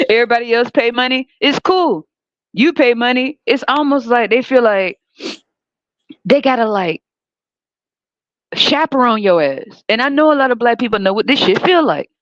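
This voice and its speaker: A woman's voice: fairly high pitch, lively intonation, normal speed, long pauses, no room sound. Woman host, blunt and sarcastic, swearing through a heated rant; dull, dry recording. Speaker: podcast host. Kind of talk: profane ranting monologue.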